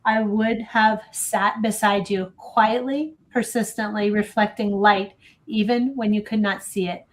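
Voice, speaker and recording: A woman's voice: medium pitch, steady tone, unhurried. A woman hosting a talk show in a studio, reading a text aloud with earnest feeling and breaking into casual chat. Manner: earnest, gets emotional while reading. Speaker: show host.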